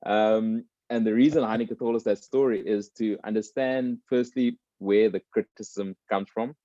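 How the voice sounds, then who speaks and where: A man's voice: fairly low pitch, steady tone, normal speed, dark tone, dry recording, muffled recording. A man, a former rugby player, talking thoughtfully in conversation and telling anecdotes about resilience. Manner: thoughtful, tells stories with voiced characters. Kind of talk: reflective conversation.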